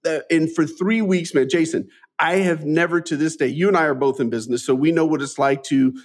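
A man in his forties speaks as a guest in a conversational interview, telling his life story with earnest, animated energy. He restarts phrases often and drops in a friendly "man" as he talks. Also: fairly high pitch, a little fast. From Midwestern US. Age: 40s.

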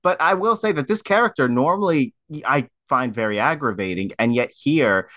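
A man talks in relaxed, enthusiastic conversation, laughing easily and stumbling into restarts as his thoughts outrun him. His voice sits at a middling pitch. The sound is close and dry, with no room around it. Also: moderate pace, no echo. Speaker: podcast guest film critic. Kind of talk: casual chat.

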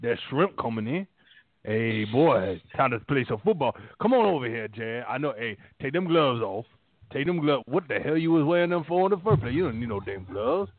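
A man voicing a gruff old football man with a folksy, scolding drawl. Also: mid-range voice, sing-song, moderate pace, no echo. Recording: phone-like line.

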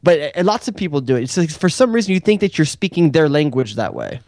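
A teasing American man co-hosts a soccer podcast and drops dry one-liners. His voice sits a little high. The recording is close and has no room echo. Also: wildly swooping pitch, a little mellow. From United States. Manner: wry, teasing, quick quips. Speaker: podcast co-host. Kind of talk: casual soccer chat.

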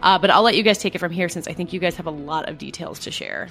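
A woman hosting a podcast, briskly introducing her co-hosts before a casual chat. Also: on the low side, vocal fry, a bit bright, faint music behind. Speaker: podcast host, deputy editor.

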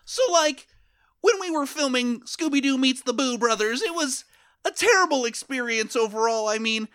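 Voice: sits high, lively intonation, moderate pace, a bit bright. A podcast host putting on a raised, stretched-out voice for a rambling cartoon slacker in a comedy bit. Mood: rambling complaint. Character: laid-back cartoon slacker guy, rambling.

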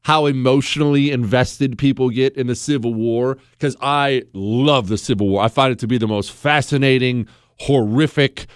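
A man's voice: medium pitch, fairly even intonation, normal speed, smooth, dry recording, clean studio sound. A man hosting a political talk show, speaking emphatically in a sarcastic tone and firing off rhetorical questions.

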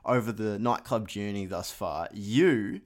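A podcast host with a lowish voice speaks a little slowly, chatting casually. His banter is chatty and self-mocking as he pokes fun at himself.

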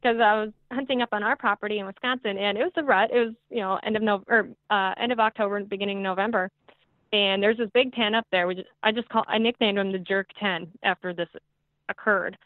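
A woman guest telling a hunting story in a podcast chat, excitable and quick, with many fillers. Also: mid-range voice, dry recording. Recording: tinny phone-like line, dry.

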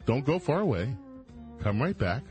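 A man's voice: medium pitch, sing-song, moderate pace, a little mellow, faint music behind. A man hosting a talk radio show, delivering an emphatic monologue straight to his listeners. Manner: emphatic, addresses listeners directly.

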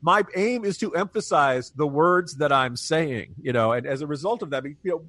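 A man's voice: a little high, animated, moderate pace, fairly bright tone, dry recording. A man co-hosting a political talk podcast, chatting wryly and often laughing at his own jokes. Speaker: podcast co-host, political commentator. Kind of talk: casual political chat.

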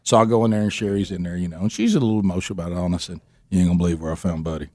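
A man's voice: deep voice, very fast, darkish tone, no room sound, clean studio sound. A man hosting a radio show, telling a story in a playful, teasing way and acting out the quotes. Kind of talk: casual on-air storytelling chat.

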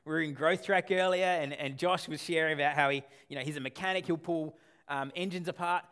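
A man preaching a sermon as a pastor, conversational and animated, with asides and rhetorical questions. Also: on the high side, brisk, clean tone.

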